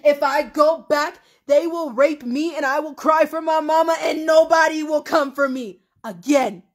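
A woman's voice: sits high, moderate pace. A woman in a raw, emotional livestream rant, exhausted, profane and agitated, laughing through tears.

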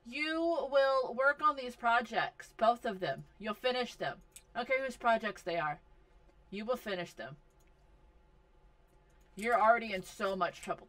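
A woman's voice: mid-range voice, lively intonation, normal speed, a bit bright. A woman giving casual commentary over a life simulation game, talking to and scolding her characters with frequent exasperation. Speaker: gaming video host.

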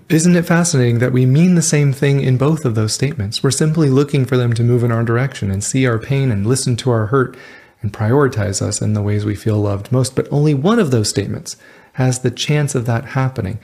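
A man's voice: mid-range voice, a little fast, mellow, slightly rough. A man hosting a relationship advice show, giving a scripted, earnest, instructive talk straight to the viewer.

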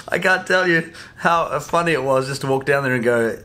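A man vlogging casually to camera from a hotel room, chatty and excitable, laughing often. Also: mid-range voice, a little fast, a little hiss or hum. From New Zealand. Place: hotel room during quarantine.

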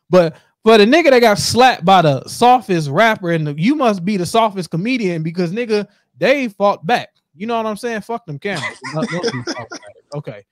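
A man hosting a podcast, ranting in casual chat, animated and heavy with profanity. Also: high voice, brisk, no room sound, clean studio sound. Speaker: podcast host.

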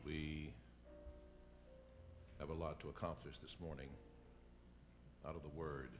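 A man, a pastor, delivering a sermon and building to loud, emphatic preaching. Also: a bass voice, little pitch movement, unhurried, music in the background.

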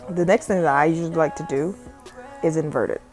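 Soft music sits behind a young woman from South Carolina whose low, slightly mellow voice moves at a quick pace. A music artist who also makes tutorial vlogs, she chats loosely and profanely while narrating a phone screen recording, picked up by the phone's microphone.

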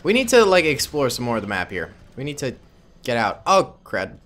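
A gaming YouTuber jokes around with his viewers, calling them "boys," as he gives casual, playful commentary over his own gameplay. His voice sits at medium pitch and is a bit bright, moving at a moderate pace while the pitch swoops wildly.

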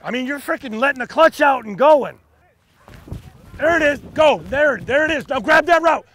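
A man's voice: very high voice, lively intonation, normal speed, fairly bright tone, a little hiss or hum. A man coaching football at an outdoor practice through a body mic, barking short commands and praise at his players. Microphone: body-worn mic.

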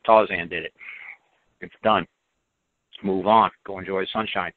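A man's voice: sits low, fairly even intonation, a little slow, no echo. A man hosting a call-in radio show, talking bluntly and emphatically and repeating his points. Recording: dry, tinny phone-like audio.

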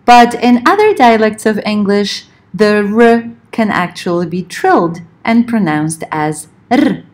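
A woman lecturing on linguistics, explaining points in a measured way and slowing down to spell out examples. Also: medium pitch, expressive. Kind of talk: recorded lecture.

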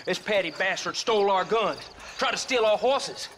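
An actor playing a menacing outlaw thug in a western video game, threatening and gravelly. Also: male voice, sits high, normal speed, lightly acted. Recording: game audio under background noise.

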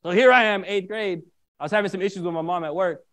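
Fast-talking, high-voiced minister telling a story. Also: male voice. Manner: animated, keeps checking in with listeners. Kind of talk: storytelling sermon.

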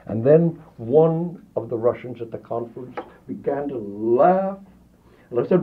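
A male guest artist in a radio studio, telling lively anecdotes and acting out the dialogue he quotes. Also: medium pitch, unhurried, breathy edge. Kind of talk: radio interview, storytelling. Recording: narrow lo-fi 1950s radio archive.

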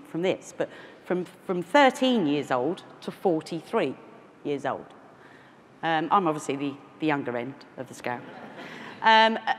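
A woman in her forties from London, with a London accent, giving a conference keynote full of self-deprecating asides and restarts. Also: lowish voice. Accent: London English. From London, England. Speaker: keynote speaker. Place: large conference hall. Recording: echoey hall with faint noise.

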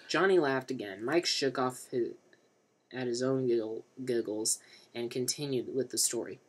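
A man's voice: medium pitch, normal speed, slightly rough. A man reading a novel aloud for comic effect, with dry, wry asides. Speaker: reader.

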